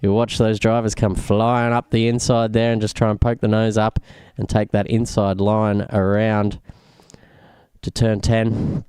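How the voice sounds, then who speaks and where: A man's voice: on the low side, level tone, unhurried, a little mellow, clear, resonant tone, no room sound, clean studio sound. A man, commentating a lap of a sim racing track and explaining each corner. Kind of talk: live race commentary.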